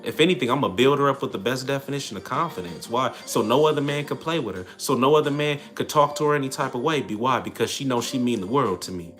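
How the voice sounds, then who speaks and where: A man's voice: mid-range voice, fast talker, few pauses, fairly bright tone, soft background music. A young man, hosting a casual livestream and answering comments in a brash, slangy, trash-talking way. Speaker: livestream host.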